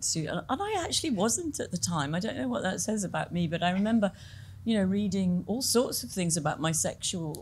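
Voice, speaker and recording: Middle-aged woman, film director in a Q&A; gravelly, lowish voice, chatty and self-deprecating, faint hum behind. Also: expressive, a little fast, hardly any pauses, a little mellow. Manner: chatty, self-deprecating, laughs often, many fillers and restarts. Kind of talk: conversational Q&A interview.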